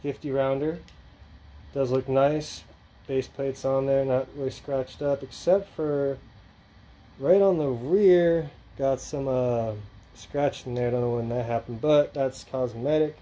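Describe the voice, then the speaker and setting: A man's voice: medium pitch, fairly even intonation, slow, mellow, low-quality recording. A man hosting his own channel, talking casually and rambling through an unboxing with lots of fillers and restarts. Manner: rambling, filler-heavy, offhand. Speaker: channel host.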